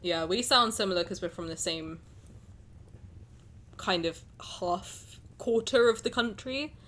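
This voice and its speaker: A young Englishwoman with a southern accent and a faint transatlantic edge, talking with her stream chat. She rambles cheerfully and leans on "like" fillers. Her voice sounds clear and bright on a close desk mic. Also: medium pitch, unhurried. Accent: southern English, slightly transatlantic. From England. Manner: rambling, chatty, lots of "like" fillers. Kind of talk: casual chat with live stream chat.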